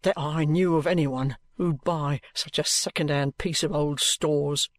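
A man's voice: a little high, steady tone, measured pace, no echo, close to an everyday voice. A man reading an audiobook, voicing a penitent old trooper who speaks in a subdued, apologetic way. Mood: rueful. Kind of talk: audiobook character voice.

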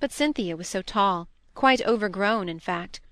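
A woman narrates a classic novel in an even, measured voice of middling pitch. The recording is dry and close, with no room sound. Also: dry recording. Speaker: audiobook reader.

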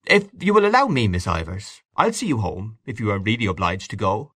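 A courteous gentleman, as a narrator plays him, low-voiced but animated and polite. He offers help with eager good manners, recorded close and dry. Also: brisk, breathy edge, no echo, exaggerated voice.

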